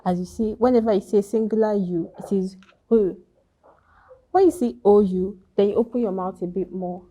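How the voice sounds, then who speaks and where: A woman's voice: medium pitch, mellow. A woman teaching French pronunciation, speaking carefully and repeating each example word. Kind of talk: slow pronunciation lesson.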